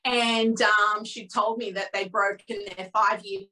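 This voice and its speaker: A woman in her thirties, a podcast guest telling a personal story candidly and with feeling, acting out the dialogue in lively voices. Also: medium pitch, measured pace, a little hiss or hum, poor audio. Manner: candid, emotional, swears freely.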